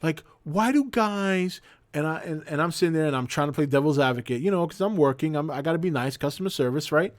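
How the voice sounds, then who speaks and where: A man in his forties hosting a livestream, telling an anecdote in a casual, profane, animated way. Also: on the high side, rapid-fire, hardly any pauses, dry recording. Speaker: host.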